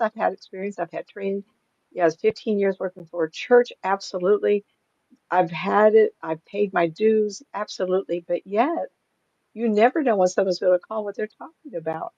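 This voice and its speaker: A woman's voice: mid-range voice, mellow, no echo, highs cut off. An older woman, a psychic medium, chatting casually in an interview, rambling through stories and laughing often.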